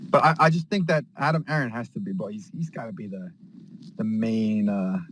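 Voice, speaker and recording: A man in casual group chat on an audio call, rambling excitedly with lots of slang and acting out scenes. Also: lowish voice, fairly quick, slight background noise. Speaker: space call participant.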